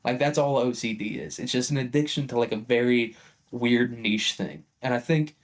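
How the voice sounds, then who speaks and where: A man's voice: mid-range voice, normal speed. Profane, chuckling man ranting casually. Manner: profane, chuckling, rambling asides. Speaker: vlogger. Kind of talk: casual rambling commentary.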